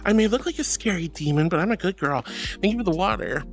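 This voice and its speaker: A man's voice: high-pitched, expressive, fast, vocal fry, soft background music. A man streaming and reading out chat messages in a playful, giggly, affectionate way. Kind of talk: casual chat. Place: home streaming setup.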